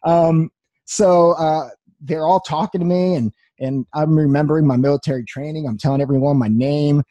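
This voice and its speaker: A man's voice: on the high side, a little fast, mellow, dry recording, dull audio. A young man giving a personal testimony talk, telling his story earnestly with wry humor.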